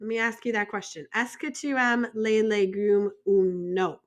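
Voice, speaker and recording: A woman's voice: medium pitch, steady tone, moderate pace. An American woman teaching a French vocabulary lesson in a chatty way, joking and asking the viewer questions. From United States.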